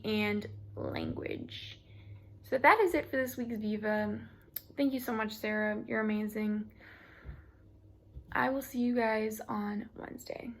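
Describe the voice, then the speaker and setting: A young woman giving a casual student presentation, chatty and full of "you know" and "like" fillers. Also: fairly high pitch. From United States.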